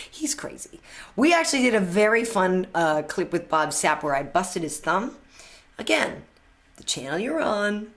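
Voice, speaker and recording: A woman hosting a casual live chat, answering viewer questions in an upbeat, chatty way and laughing often. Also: medium pitch. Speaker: host of a live fan chat.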